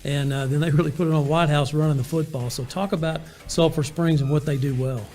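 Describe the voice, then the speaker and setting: Man, sports interviewer, higher pitch, conversational, fillers, faint background music. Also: fairly even intonation, fairly quick, a little mellow. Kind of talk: interview questions.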